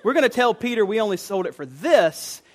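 A man's voice: sits high, sing-song, fairly quick, voice pushed up. A man preaching, voicing a scheming churchgoer who plots aloud in a chatty, conspiratorial way. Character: scheming church couple plotting to keep money.

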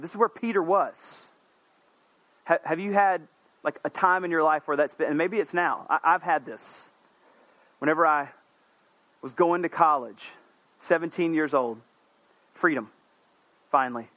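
An earnest male preacher with a fairly high voice for a man, talking conversationally with asides and restarts. He climbs to emphatic peaks, then drops low and quiet. The sound is dry and close, with no room around it. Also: measured pace, long pauses, dry recording. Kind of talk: sermon.

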